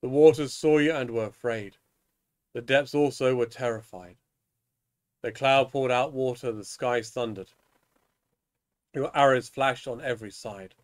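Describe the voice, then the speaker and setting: A man leading evening prayer, reading psalms and scripture in a measured, solemn way, now and then tripping over a word. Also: mid-range voice.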